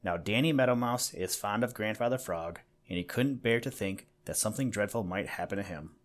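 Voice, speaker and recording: A man narrating a children's animal storybook, gently addressing the listener along the way. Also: lowish voice, a little fast.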